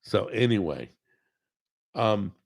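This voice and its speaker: A man's voice: fairly low pitch, animated, takes it slowly, creaky, no room sound. A man hosting a live stream, chatting casually and rambling, greeting people in the chat and often correcting himself. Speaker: host.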